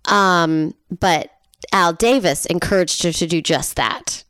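A woman's voice: fairly low pitch, slow pace, fairly bright tone, smooth, dry recording, clean studio sound. Chatty woman podcast co-host. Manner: chatty, laughs often, conversational storytelling. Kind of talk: casual chat, telling a story.

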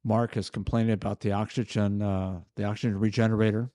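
Older guy on a podcast, lowish mellow voice, takes his time telling a story. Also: little pitch movement, dry recording, studio quality. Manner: measured, storytelling. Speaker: podcast co-host. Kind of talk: casual book discussion.

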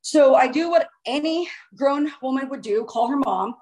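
Excitable woman telling a story. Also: high voice, normal speed, low-quality recording. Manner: animated, excitable, acts out her own past words. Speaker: guest. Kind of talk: recounting a personal experience in conversation.

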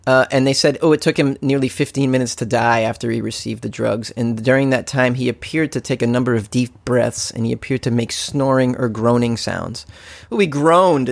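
A man's voice: mid-range voice, no echo. Sarcastic, swearing male comedian, dry sound. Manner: sarcastic and profane, often breaking into laughter. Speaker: stand-up comedian. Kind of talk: solo comedic podcast rant.

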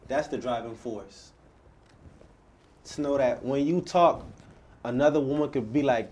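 Encouraging man with a mellow voice. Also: mid-range voice, a little slow, long pauses, a little hiss or hum. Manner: encouraging, repeats phrases for emphasis. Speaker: interview host. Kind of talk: encouraging interview talk.

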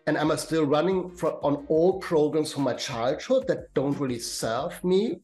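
A middle-aged man with a German accent, a career and life coach being interviewed on a podcast, explaining in a measured way with some hesitant fillers. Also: fairly high pitch, lively intonation, a little mellow, soft background music.

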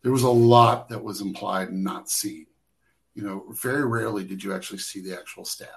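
Rambling man with a low voice. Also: steady tone, vocal fry, slight background noise, rough recording. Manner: rambling, halting with many restarts and fillers. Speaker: camera operator guest. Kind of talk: casual storytelling interview.

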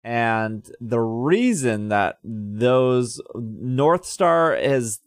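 A man's voice: mid-range voice, lively intonation, very slow, no echo, studio quality. A man co-hosting a casual podcast, reading out news and figures in a loose, slightly scattered way. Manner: reads figures out, a bit scattered. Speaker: podcast co-host. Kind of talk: casual chat.

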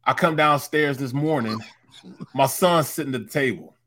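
A middle-aged man co-hosting a sports talk show, telling a story with animated, joking exasperation. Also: mid-range voice, moderate pace. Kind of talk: casual sports talk banter.

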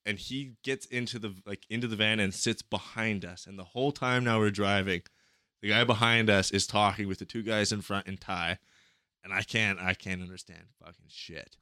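A young man chatting on a podcast, his voice bright and forward, with a dry close sound and almost no room around it. He tells a story loosely and swears often, acting out the people in it as he goes. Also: lowish voice, moderate pace, clear, resonant tone, no echo. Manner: profane, animated storyteller. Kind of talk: casual storytelling chat.

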